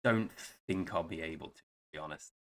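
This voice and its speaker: A man's voice: sits low, a little fast, a bit bright. Wry, rambling English man streaming a game. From England. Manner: rambling, wry, chatty, answers chat by name. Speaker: gaming streamer. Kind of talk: casual live-stream chat while playing a strategy game.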